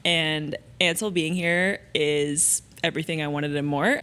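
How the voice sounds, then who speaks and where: A woman's voice: low voice, unhurried, few pauses, a bit bright. A woman book vlogger chatting casually and gushing, with plenty of "like" fillers. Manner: gushing, heavy use of "like". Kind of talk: casual reading vlog.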